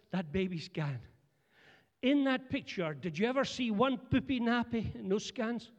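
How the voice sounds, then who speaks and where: A middle-aged Scottish man delivers a humorous sermon in a high-pitched voice, animated and joking with the congregation. A long church hall reverb fills the recording.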